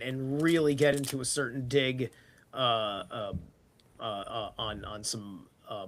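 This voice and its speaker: A man's voice: mid-range voice, fairly bright tone. A man in casual podcast chat, rambling and swearing casually as he thinks aloud.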